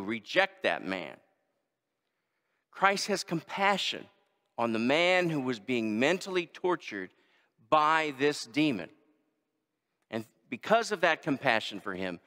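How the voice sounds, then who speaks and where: Man preaching in a reverberant church. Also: mid-range voice. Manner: lively preaching with quoted voices. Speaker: pastor. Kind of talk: sermon. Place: large church sanctuary.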